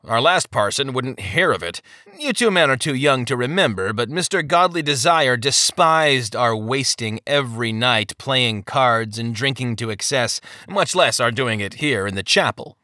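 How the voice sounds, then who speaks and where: A man voicing an older nobleman who talks smoothly and fondly about old times. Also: medium pitch, animated, normal speed, bright, forceful tone, dry recording, studio quality. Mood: nostalgic. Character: older lord, smooth-spoken card player.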